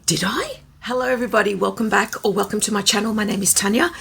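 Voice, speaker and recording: A woman with a raspy, hoarse voice from a starting cold, chatting casually and musing aloud as she reviews a handbag. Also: mid-range voice, steady tone, very fast, fairly bright tone, a little hiss or hum. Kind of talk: casual vlog chat.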